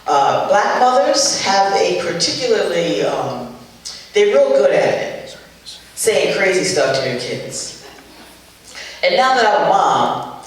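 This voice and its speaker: An older woman comedian doing stand-up on a charity show stage, telling stories in an animated, exasperated way with punchy asides. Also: fairly low pitch, slow, pauses often. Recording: echoey hall, voice far from the mic, faint ambience.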